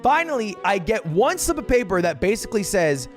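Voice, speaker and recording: A man, a streamer, telling a story in an exasperated, profane way, casual and animated. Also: sits high, fairly quick, faint music behind. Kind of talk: casual comedic storytelling rant.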